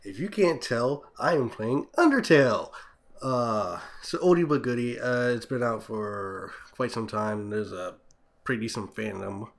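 A man's voice: mid-range voice, expressive, unhurried. A man hosting a casual let's-play, rambling with frequent stumbles and restarts. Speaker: gaming channel host. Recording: game music loud behind.

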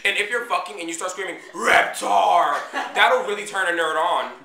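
A vlogger delivers a loud, crude, giggly comic rant to friends, often leaping into high squeals. His voice is gravelly at a moderate pace, in an echoey room with the friends around.

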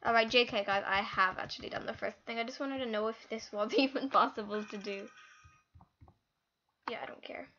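A female host giving live gameplay commentary, excitable and easily frustrated, with lots of exclamations. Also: on the high side, a little fast, lo-fi sound, a little hiss or hum. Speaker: gaming channel host.

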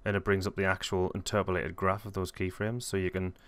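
A man hosting a casual software tutorial, rambling and correcting himself as he thinks aloud. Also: low voice, level tone, a little fast, no room sound. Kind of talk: casual screen-recorded tutorial.

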